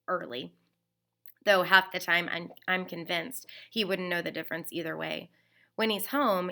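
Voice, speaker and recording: Woman reading a novel out loud, lowish voice but crisp and bright, expressive, stretches the emotional bits. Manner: expressive first-person reading, slowing on emotional phrases. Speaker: teacher reading aloud.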